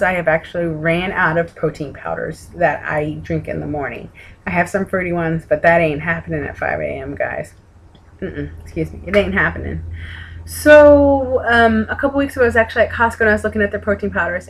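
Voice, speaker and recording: A woman's voice: fairly low pitch, rough recording. Texan woman vlogger, casual and rambly, tired and yawning, salty language. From Texas. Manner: chatty, rambling, casual swearing. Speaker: weight-loss vlogger. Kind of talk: casual rambling chat to camera. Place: home room with an open window. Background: outside noise through the window.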